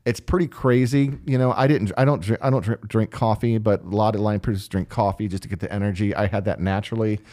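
A man's voice: on the low side, fast talker, few pauses. A man who works as a line producer, telling stories in a casual interview and acting out the people in them. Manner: animated, acts out voices.

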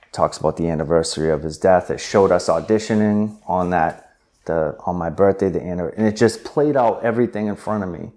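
Low-voiced man telling his story. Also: fairly quick. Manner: animated retelling with filler words. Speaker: interview guest. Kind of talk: conversational storytelling.

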